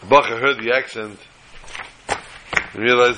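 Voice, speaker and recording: A man telling a story in a religious talk, in an animated, halting delivery with frequent restarts. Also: mid-range voice, background noise.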